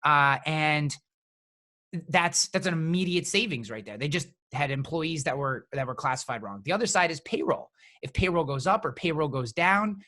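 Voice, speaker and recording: Bright-voiced man explaining insurance, halting. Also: fairly high pitch. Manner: halting, many restarts and fillers. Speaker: insurance agent. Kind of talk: casual explanatory talk.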